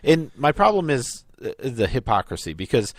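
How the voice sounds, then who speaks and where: Lively-voiced man in casual chat. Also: medium pitch, moderate pace, dry recording. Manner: opinionated, calls himself a pedant. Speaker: podcast co-host.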